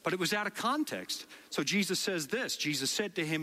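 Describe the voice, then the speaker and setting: A man's voice: fairly high pitch, brisk, few pauses, big-room sound. A middle-aged man with a Dutch accent preaching a sermon to a congregation, telling stories and acting out the quotes. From Netherlands. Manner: animated storytelling with acted quotes. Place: large hall before a congregation.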